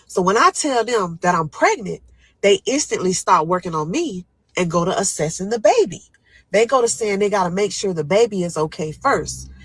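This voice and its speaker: A young woman tells her own story with heavy drama, jumping into high, strained pleas when she relives the moment. Her voice sits in a middle range. The recording is close and dry. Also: expressive, moderate pace, a bit bright, slightly rough, no echo, low-quality recording. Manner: dramatic, acts out her own panicked screams. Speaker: storyteller guest. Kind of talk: emotional first-person storytelling.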